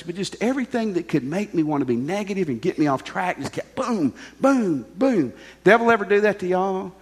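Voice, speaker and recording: A man preaching a sermon as pastor, animated and humorous, with emphatic delivery. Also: fairly high pitch, long reverb tail.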